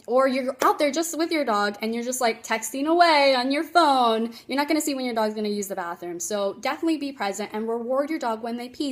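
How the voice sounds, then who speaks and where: A woman dog trainer giving casual tips on a phone livestream, chatty and emphatic, laughing often. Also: fairly high pitch.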